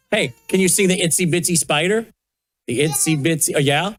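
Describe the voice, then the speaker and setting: An older man, the host, gently coaxing and baby-talking with a small child at a studio news desk. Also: a little high. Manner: soft coaxing baby talk. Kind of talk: casual chat with a toddler on air.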